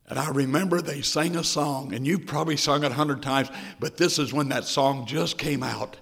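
A man's voice: fairly high pitch, brisk, gravelly, few pauses, a bit bright. A man preaching a sermon, telling a story with feeling and building to passionate appeals. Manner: emotional storytelling that builds to passionate preaching, briefly sings a hymn.

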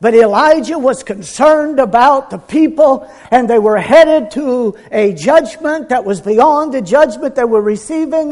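A man preaching a sermon with earnest conviction, dropping to a hush and building to emphatic peaks. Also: extremely high pitch, expressive, a little slow.

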